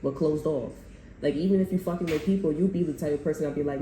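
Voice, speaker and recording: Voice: medium pitch, fairly quick, mellow. A tarot reader giving a casual reading to viewers, talking loosely with slang and swearing and often restarting sentences. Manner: loose, slangy and profane, rambling with many restarts. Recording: echoey room with faint noise.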